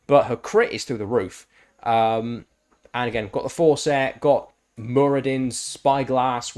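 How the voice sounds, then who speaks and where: A man chatting casually and with enthusiasm while streaming a game, swearing freely. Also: on the low side. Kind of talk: casual chat while gaming.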